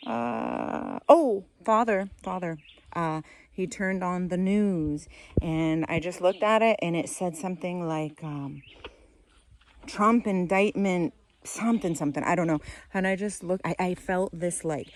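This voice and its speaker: A woman's voice: fairly low pitch, animated, measured pace, darkish tone. A woman vlogging outdoors in a garden, chatting casually, laughing often and losing her train of thought. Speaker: vlogger and mother. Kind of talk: casual rambling vlog.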